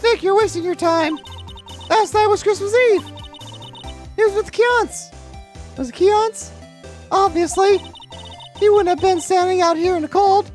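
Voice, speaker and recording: A woman voicing a bubbly teenage girl sidekick in a high, squeaky, excitable voice. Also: a little slow, pauses often, faint music behind. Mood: chirpy.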